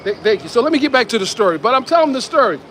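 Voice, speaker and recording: A man giving excited street commentary outdoors, repeating himself and calling out to viewers as ladies and gentlemen. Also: very high voice, racing, slight background noise. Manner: animated, repetitive, addresses viewers as ladies and gentlemen. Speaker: independent commentator.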